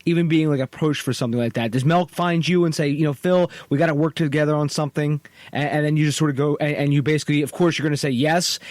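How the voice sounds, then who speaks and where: Fast-talking rambling male podcast host. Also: a little high, steady tone, a little mellow, no echo. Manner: rambling, many fillers and restarts. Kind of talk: casual interview questions.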